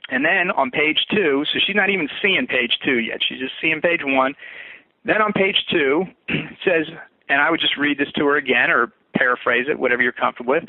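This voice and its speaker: A man's voice: a little high, brisk, no room sound. A man walking trainees through a sales script in a conversational training session, often repeating words as he restarts. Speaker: fitness business coach. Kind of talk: recorded sales training walkthrough. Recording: tinny phone-like audio.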